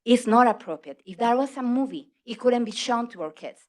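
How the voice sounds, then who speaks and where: A woman's voice: fairly high pitch, expressive, fairly quick, a little mellow. Middle-aged woman, non-native English speaker, public commenter; emphatic, earnest delivery. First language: not English. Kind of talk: public comment at a school board meeting. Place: meeting hall.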